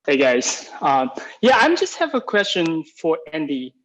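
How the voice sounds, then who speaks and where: A man calling in to a podcast, asking his question in a hesitant, halting way. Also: fairly high pitch, wildly swooping pitch, a bit bright, rough recording. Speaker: caller.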